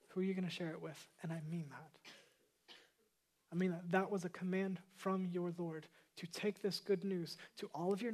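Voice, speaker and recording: A man preaching a sermon as pastor, earnest, repeating key phrases and moving between emphatic lines and hushed ones. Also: high-pitched.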